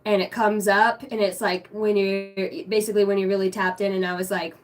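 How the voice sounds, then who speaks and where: A young woman running a casual livestream chat, excitable and swearing freely, dropping low and hushed when she prays. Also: brisk. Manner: excitable, swearing, bursts of loud laughter. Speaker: spiritual reader streaming live.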